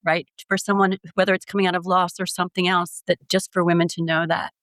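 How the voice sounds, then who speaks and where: A woman's voice: on the low side, level tone, fast talker, fairly bright tone, dry recording. A woman co-hosting a podcast interview, asking questions in an encouraging way. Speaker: podcast co-host.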